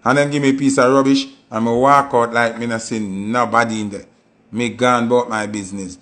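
A man with a Jamaican Patois accent, telling stories in a casual monologue and acting out quoted voices with sudden high jumps. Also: fairly even intonation, brisk, fairly bright tone. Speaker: commentator.

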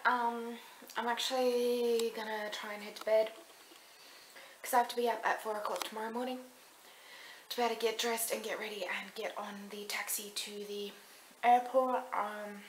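A woman's voice: fairly high pitch, a little hiss or hum. A young woman chatting casually to camera in a vlog diary, rambling and gushing. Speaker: vlogger. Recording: echoey room with faint ambience.

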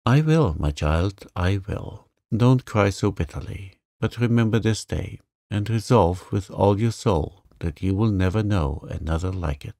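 A man reading the part of a calm, gentle middle-aged mother who speaks tenderly, in a storybook reading. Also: on the low side, unhurried, vocal fry, hardly any pauses, dry recording, clean studio sound, full character voice. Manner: soothing, tender.

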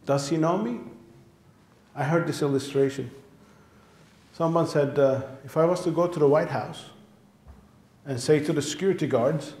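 A man's voice: a little high, darkish tone, slight background noise. Guy pastor giving a sermon, repeats stuff for emphasis, roomy church sound. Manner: emphatic preaching, repeats phrases for stress. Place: church sanctuary. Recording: echoey church room.

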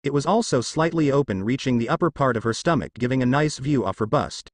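Man reading a fan story, lively pitch. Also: fast talker, no room sound, studio quality. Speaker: narrator. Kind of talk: reading fan fiction aloud.

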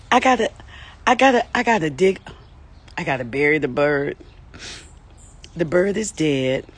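Outdoors beside her lawn, a woman with a low-sitting voice streams live while close to tears. She repeats herself emotionally, talking to herself and her viewers with nervous laughter, and there's slight background noise.

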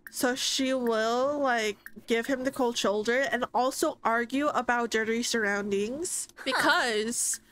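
A young woman casually commenting on a life-simulation game, chatty and excitable, often voicing her characters' thoughts. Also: on the high side, slow pace, hardly any pauses, slight background noise. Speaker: gaming streamer. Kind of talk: casual let's-play commentary.

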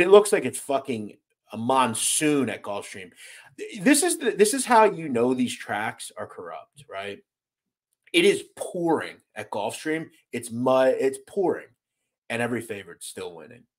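Blunt, lively American host on a livestream. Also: male voice, mid-range voice. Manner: blunt, swears freely, animated and exasperated. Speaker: host reading live chat. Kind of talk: casual livestream chat.

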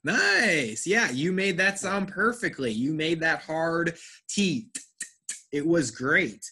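Slow, bright-voiced male teacher. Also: on the high side, expressive, slightly rough. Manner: slow, careful enunciation with encouraging feedback. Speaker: English pronunciation teacher. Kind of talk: online class instruction.

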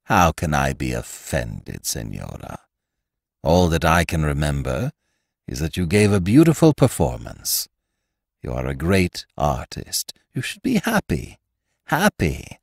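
A man voicing a weary, dazed old noblewoman in a storybook reading, talking softly and drifting between high and low pitch. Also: huge pitch swings, unhurried, creaky, dry recording, studio quality, full character voice. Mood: vague, distracted. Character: old woman, a weary, vague, dazed marquesa. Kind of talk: audiobook character voice.

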